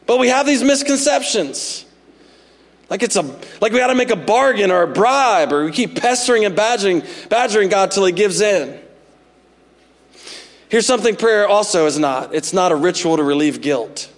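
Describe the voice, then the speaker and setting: Male pastor in his forties, high-pitched, humorous sermon storyteller, big echoing sanctuary. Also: unhurried. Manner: humorous, animated storytelling with asides to the congregation. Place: church sanctuary. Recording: reverberant hall.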